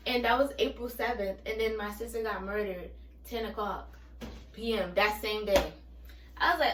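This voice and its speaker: A woman's voice: mid-range voice, moderate pace, fairly bright tone, reverberant, recorded from a distance, rough recording. A woman in her twenties telling a personal story in a candid, rambling way, with many fillers and restarts. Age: 20s. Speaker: vlogger.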